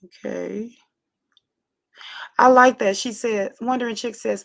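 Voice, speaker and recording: A woman's voice: fairly high pitch, steady tone, vocal fry. Encouraging woman hosting a livestream. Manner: warm, affirming, repeats phrases, drawn-out reading of comments. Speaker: livestream host reading viewer comments. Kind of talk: casual livestream chat.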